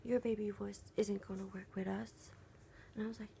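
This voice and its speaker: Young woman, gravelly fry, flat soft delivery, half-whispered, casual venting vlog. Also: mid-range voice, slight background noise. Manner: soft, halting, many fillers and restarts. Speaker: vlogger.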